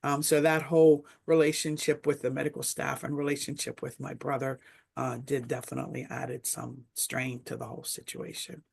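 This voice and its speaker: A woman's voice: rumbling low, level tone, normal speed, gravelly, a little mellow, husky. A middle-aged woman speaking as a webinar panelist, telling a reflective story in a casual discussion, with many fillers.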